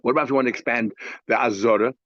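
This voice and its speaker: Rabbi going through a talmud page, asks questions and answers them, dry, kinda dull recording. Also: male voice, mid-range voice, fairly even intonation, rapid-fire, a bit bright, no room sound. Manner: explains step by step, with rhetorical questions, fillers and Hebrew-Aramaic terms. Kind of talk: daily Talmud class.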